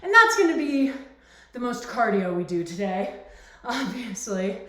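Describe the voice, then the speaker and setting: A woman's voice: fairly high pitch, very animated, unhurried, fairly bright tone, distant mic. A woman fitness instructor leading a live home workout class, chatty and encouraging, with many fillers. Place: home exercise space. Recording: very echoey room.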